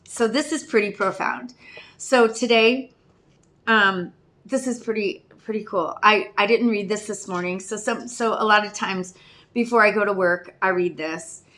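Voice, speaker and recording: A woman's voice: medium pitch, a little slow, sharp tone. Rambling woman in her fifties. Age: 50s. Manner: rambling, searching, self-questioning. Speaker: video diarist in addiction recovery. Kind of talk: candid personal vlog talk.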